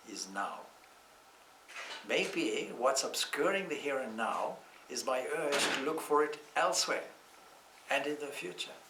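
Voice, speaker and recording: A man teaching scripture to a class, speaking calmly and reflectively, with slow, deliberate phrasing and everyday anecdotes. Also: mid-range voice, recorded from a distance, a little hiss or hum. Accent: Irish. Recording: echoey room, speaker off-mic.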